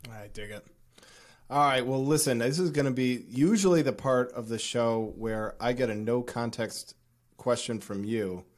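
A man hosts a relaxed podcast conversation, with a voice of middling pitch. He asks questions in a friendly, easygoing way and fires them off quickly. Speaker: podcast host. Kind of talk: casual podcast interview.

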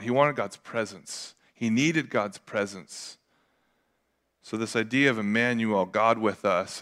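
A young adult man preaching a sermon as a pastor, casual and confessional, with lively acted asides. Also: medium pitch.

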